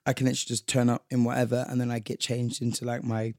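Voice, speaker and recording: Gravelly young man, laid-back. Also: medium pitch, monotone, fast talker, darkish tone, no room sound, studio quality. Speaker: podcast co-host. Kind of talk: casual chat.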